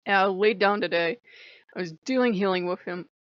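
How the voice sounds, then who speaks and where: A woman's voice: medium pitch, moderate pace, no room sound. A woman who is sick, talking in a frank and rambling way in a casual vlog monologue. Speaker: channel host. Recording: dry, slightly dull recording.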